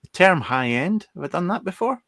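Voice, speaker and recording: Male guest, casual chat, rambling and hesitant, animated pitch, dry close-up sound. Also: fairly quick, dry recording. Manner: hesitant, rambling with fillers and laughs.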